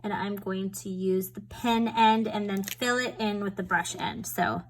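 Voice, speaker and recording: A woman's voice: mid-range voice, fairly even intonation, measured pace, low-quality recording. A woman talks through a paper craft project at her home table in a loose, rambling way, poking fun at herself as she goes. Her voice sits in an ordinary middle register for a woman. She sounds casual and unscripted, like she is showing a friend. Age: adult with a school-age daughter. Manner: chatty, rambling, self-deprecating. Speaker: papercraft tutorial host.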